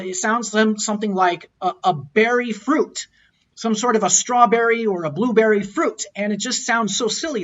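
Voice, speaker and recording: A man's voice: high voice, normal speed, fairly bright tone, muffled recording. A man teaching a recorded lecture, explaining and repeating words as he models tones aloud. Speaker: language teacher.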